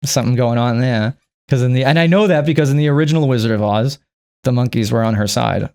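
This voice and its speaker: A man's voice: mid-range voice, fairly even intonation, quick pace, creaky, a little mellow. A young man ranting casually and comically about a film, rambling, swearing and slipping into mock impressions. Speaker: youtuber reviewing a film. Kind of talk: casual comedic movie rant.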